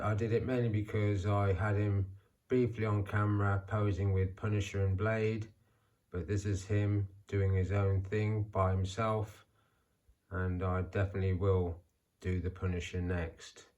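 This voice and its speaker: A middle-aged man calmly narrating a vlog as he poses action figures, talking half to himself. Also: lowish voice. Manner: calm, unhurried, talking to himself. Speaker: toy figure channel host. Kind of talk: casual vlog narration while posing figures.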